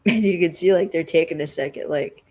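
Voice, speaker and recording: A podcast co-host casually recapping a TV episode, rambling and filling every pause with "like.". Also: medium pitch, darkish tone, low-quality recording. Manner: rambling, constantly says "like".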